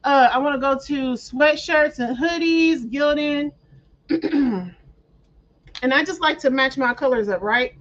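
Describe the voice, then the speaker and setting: A woman hosting a casual craft tutorial, walking viewers through each step in a chatty way, with playful slang and frequent throat clearing. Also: high-pitched, unhurried, long pauses. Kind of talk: casual screen-share tutorial. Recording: dull lo-fi audio.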